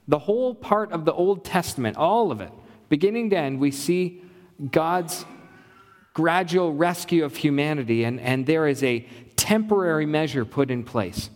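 A male pastor delivers an earnest sermon in a fairly high voice, building his points through rhythmic repetition. His words ring out with a long reverb, as if he is speaking in a large church.

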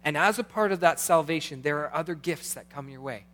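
A middle-aged pastor preaches a sermon, moving between hushed, intimate stretches and animated, rising ones. His voice is on the high side and he talks a little fast.

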